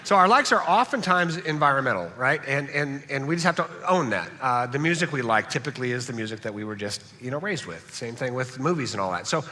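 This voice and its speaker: A man's voice: mid-range voice, lively intonation, fast talker, hardly any pauses, bright, forceful tone. A man from Southern California, a pastor giving a conversational sermon that he keeps punctuating with "right?". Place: church sanctuary. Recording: long reverb of a church hall.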